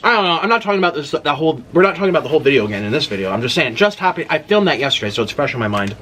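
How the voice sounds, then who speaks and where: A young man chatting through an eating vlog in a fairly high voice. His pitch swings widely, and he breaks into loud exclamations at each spicy bite. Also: very fast. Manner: animated, exclaims loudly at spicy food. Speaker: mukbang host. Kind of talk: casual eating vlog chat.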